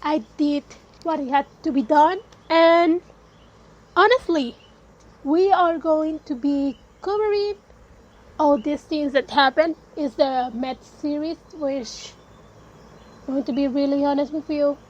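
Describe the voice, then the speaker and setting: A woman's voice: high-pitched, slow pace, muffled recording. A woman hosting a casual solo podcast, sounding sick and congested with a cold, chatty and emphatic, slipping into Spanish phrases now and then. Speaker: podcast host.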